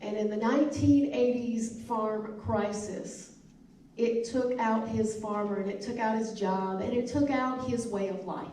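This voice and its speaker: Steady, unhurried and warm, a slightly high female voice with a Southern US accent addresses a town hall as a congresswoman, speaking in a forceful, repetitive oratorical style. She's recorded from a distance in an echoey elementary school hall, with a little hiss or hum.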